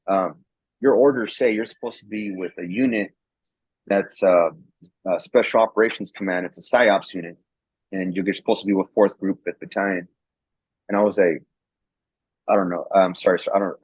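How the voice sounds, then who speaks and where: A man's voice: low voice, husky, no echo. A man, a former soldier, telling a story in a casual, rambling way and acting out the quoted dialogue, often repeating words. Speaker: guest, former National Guard soldier. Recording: dull lo-fi sound.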